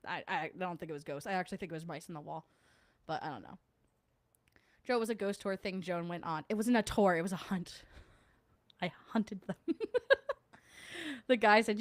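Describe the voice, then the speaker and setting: A woman's voice: lowish voice, dry recording. A young woman from New Jersey with a New Jersey accent, hosting a casual livestream and answering chat, chatty and laughing often. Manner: chatty, laughs often, mimics others mid-story. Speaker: podcast host reading live chat.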